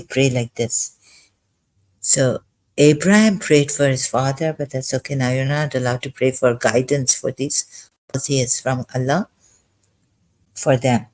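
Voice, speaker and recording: A man commenting on scripture verses as he reads them aloud. He sounds agitated and halting, and thinks aloud as he goes. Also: mid-range voice, darkish tone, poor audio. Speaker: ex-Muslim commentator.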